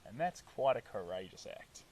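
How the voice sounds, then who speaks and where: Kiwi guy painting on a live stream, chatty and upbeat, mid pitch, sounds a bit away from the mic with faint hiss. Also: very animated, moderate pace, darkish tone, distant mic, rough recording. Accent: New Zealand. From New Zealand. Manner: upbeat, chatty, reads out viewer comments. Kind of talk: casual live-stream chat while painting.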